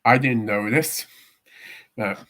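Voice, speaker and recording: A man's voice: mid-range voice, takes it slowly, fairly bright tone. Welsh guy rambling on a livestream, lots of ums, mid-range voice. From Wales. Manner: rambling, chatty, with many fillers. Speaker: artist streaming live. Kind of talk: casual chat on a livestream.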